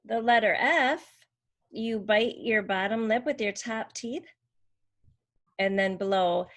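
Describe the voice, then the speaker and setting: A woman's voice: a little high, slow pace. A woman speech language therapist, patiently explaining how letter sounds are made and modeling each one. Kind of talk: instructional demonstration.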